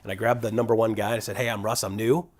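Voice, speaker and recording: A man's voice: lowish voice, rapid-fire. A middle-aged man, a guest speaker, telling a personal business story and acting out the dialogue of the people in it. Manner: energetic, acts out quoted dialogue with shifting voices. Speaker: guest speaker at a real estate event.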